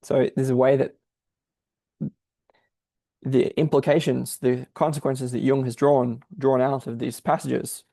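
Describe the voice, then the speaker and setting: A man's voice: mid-range voice, flat delivery, measured pace, creaky, long pauses, warm tone, no room sound. A man thinking aloud as he explains a difficult text, in a searching, explanatory manner. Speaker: podcast host explaining a text. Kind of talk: exegetical commentary.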